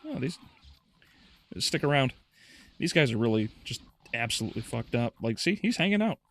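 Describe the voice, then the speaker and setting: A male streamer giving loose, casual commentary while he plays. His voice sits at an ordinary pitch but swings widely and animatedly, and he swears and laughs easily as he chats with viewers. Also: big pitch swings, moderate pace, fairly bright tone. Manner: chatty, swears freely, laughs often, talks to chat.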